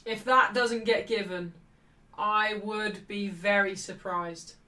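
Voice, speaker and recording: A woman hosting a live football watchalong, chatting cheekily and shouting out at refereeing calls. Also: mid-range voice, fairly even intonation, takes it slowly, recorded from a distance. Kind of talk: live match watchalong commentary.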